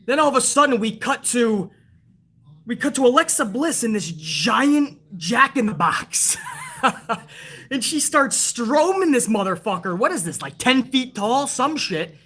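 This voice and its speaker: Bright-voiced woman ranting about wrestling. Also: a little high, a little slow. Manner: heated, swears constantly, ranting to viewers; excitable, retells events with rising energy. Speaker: wrestling show reviewer. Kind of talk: casual profane review rant.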